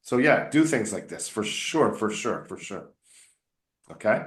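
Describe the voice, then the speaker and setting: A man with a lowish voice works through pronunciation with a student, correcting word by word and encouraging her. He sounds a little sick. The recording has a roomy echo around him. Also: big pitch swings, measured pace, fairly bright tone. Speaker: acting and pronunciation coach. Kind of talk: one-on-one online coaching session.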